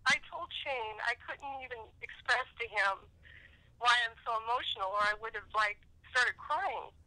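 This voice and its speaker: Brief: middle-aged mother on the phone, high and bright, tearful and heartfelt. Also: moderate pace, no echo, rough recording. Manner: emotional, sincere. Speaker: caller, host's mother. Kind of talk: phone call.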